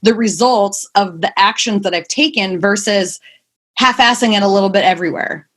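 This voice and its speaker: A woman's voice: mid-range voice, normal speed, a bit bright. A young woman, a mother of two, talking casually and at length as a podcast guest, rambling and emphatic. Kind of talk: casual interview chat.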